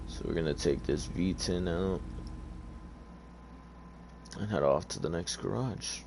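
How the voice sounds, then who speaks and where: A man's voice: low voice, a little slow, vocal fry, noisy background. A man giving laid-back, rambling commentary over a car game, sleepy and just awake, with many fillers. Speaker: gaming YouTuber. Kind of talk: casual gameplay commentary.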